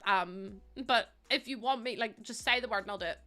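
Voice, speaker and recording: A woman's voice: medium pitch, fairly quick, sharp tone. A young woman, streaming a game and chatting casually with her viewers, teasing them and laughing often. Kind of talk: casual live-stream chat.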